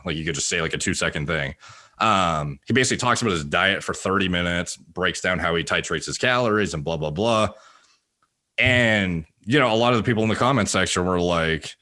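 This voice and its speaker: A man's voice: deep voice, a little fast, bright, forceful tone. A man from Canada, a podcast guest talking casually and rambling with many fillers and restarts. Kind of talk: casual conversation.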